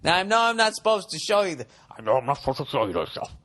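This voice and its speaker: A man doing a deliberately bad impression of an older male politician, with a mumbly, exaggerated delivery. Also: on the high side, very animated, a bit bright, voice pushed up. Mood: sly.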